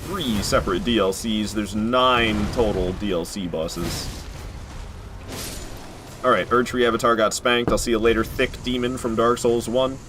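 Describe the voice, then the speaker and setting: A man's voice: fairly low pitch, fairly even intonation, moderate pace, background noise. A man chatting casually with his viewers while he streams a video game from home, joking and laughing often. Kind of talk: casual live-stream commentary.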